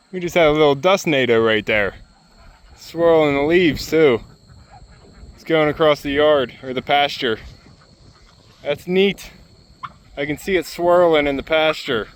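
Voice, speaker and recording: Speaking a little slowly and pausing often, a man with a higher-leaning voice vlogs outdoors on his homestead. He chats casually and coaxes his ducks, geese and turkeys through the farm yard and pasture.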